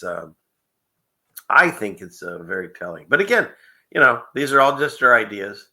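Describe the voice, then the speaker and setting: A man's voice: fairly low pitch, gravelly, sharp tone. A man hosting a casual livestream show, rambling through clips with frequent chuckles and conspiratorial asides. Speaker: show host.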